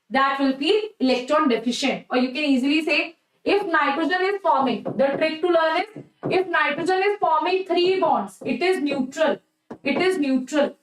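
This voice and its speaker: A woman's voice: sits high, reverberant, recorded from a distance, low-quality recording. A woman with an Indian English accent teaching a chemistry exam-prep lecture, repeating herself and asking "okay? right?" often. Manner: repetitive, coaxing, checks "okay? right?" often.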